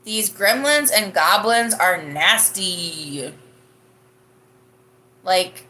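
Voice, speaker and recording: A woman's voice: mid-range voice, expressive, takes it slowly, bright, forceful tone. A young woman hosting a live podcast, chatting casually and rambling as she answers viewer comments, laughing often. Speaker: livestream podcast host.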